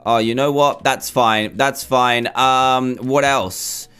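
Flustered gaming commentator. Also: male voice, medium pitch, steady tone, takes it slowly, a bit bright, clean tone. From England. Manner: chatty, flustered, talks himself through building. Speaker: gaming YouTuber. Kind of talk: gameplay commentary.

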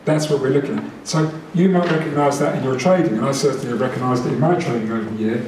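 A man presenting to a meeting in a chatty, lively way, laughing now and then. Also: medium pitch, fast. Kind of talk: talk to a room. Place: meeting room. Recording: echoey room, distant mic, noise.

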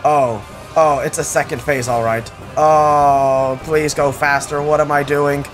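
A young man narrating his gameplay in a casual, jokey way, with a voice sitting a bit higher than most men's. He jumps into excited yelps whenever the game surprises him. Game music plays faintly under his talk. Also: measured pace. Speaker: gaming channel host.

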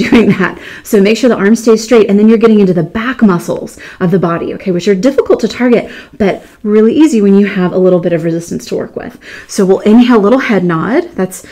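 A woman teaching a Pilates mat class, calmly cueing breaths and counts and praising often. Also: medium pitch. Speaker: Pilates instructor. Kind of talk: guided exercise class instruction.

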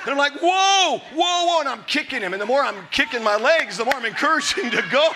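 A man in his fifties preaching a sermon to a live congregation, emphatic and often shouting, with jokey storytelling. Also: very high voice, fast talker, noisy background. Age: 50s. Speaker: pastor. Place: church service before a live congregation.

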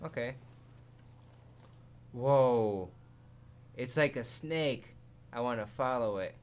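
A man giving live commentary over a zombie game, excitable and jumpy, swearing often and laughing at his own jokes. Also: medium pitch, slow, pauses often, clean tone. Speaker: gaming commentator.

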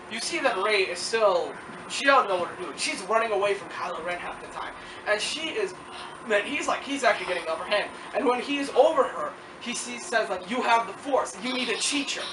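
A movie reviewer talking casually and excitably, rambling with lots of "like" and acting out quotes. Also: medium pitch, far from the mic. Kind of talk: casual film review chat. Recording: echoey room from off-mic with noise.

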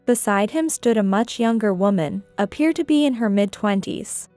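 A woman reading a scripted first-person story in a measured, even way. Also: mid-range voice, dry recording, soft background music. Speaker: narrator.

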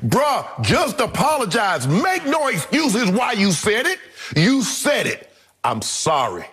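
A man with a raspy, high-sitting voice argues his case on a sports debate show. His pitch leaps up and down as he stresses and repeats his points with heat. He sounds middle-aged and fired up. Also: very animated, slow pace, a bit bright, faint music behind. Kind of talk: heated opinion commentary.

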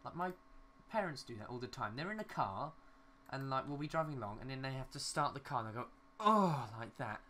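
A man's voice: mid-range voice, lively intonation, quick pace, few pauses, fairly bright tone, slight background noise. A young man giving casual, rambling commentary while building in a city game, talking to himself and swearing mildly at glitches. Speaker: gaming YouTuber.

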